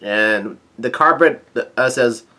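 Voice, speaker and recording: A man reads through a comic chapter in a plain voice at mid pitch, bright and forceful in tone. It's a casual manga read-through: he voices the dialogue, often stumbles and restarts with "uh" and "um," and drops in light remarks of his own.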